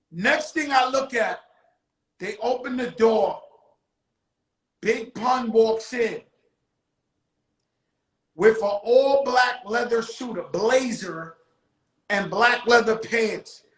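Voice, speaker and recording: A man telling a story on his show in casual street talk, loudly acting out the quotes. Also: extremely high pitch, roomy sound, poor audio. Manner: animated, acts out quotes loudly. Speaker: show host.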